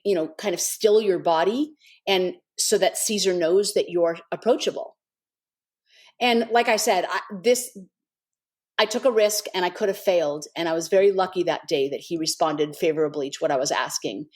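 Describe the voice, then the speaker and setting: A woman's voice: medium pitch, darkish tone. A woman guest on a podcast, telling an earnest, heartfelt story with many "kind of" and "like" asides. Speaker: guest, animal intuitive.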